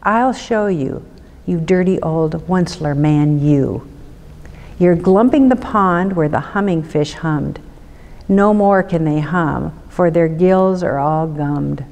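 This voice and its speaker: A woman's voice: deep voice, slow pace, vocal fry, a little mellow, big-room sound, exaggerated voice. A woman reading a storybook aloud, voicing a grumpy little male forest creature who scolds in rhyme. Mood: scolding.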